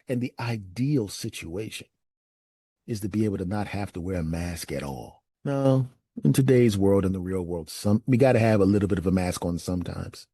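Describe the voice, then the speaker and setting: A man hosting his own show, telling funny stories from his life in an animated way and acting out his friends' voices. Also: slightly rough, no room sound, clean studio sound. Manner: animated, acts out friends' voices with big pitch jumps. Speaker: podcast host. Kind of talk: humorous storytelling monologue.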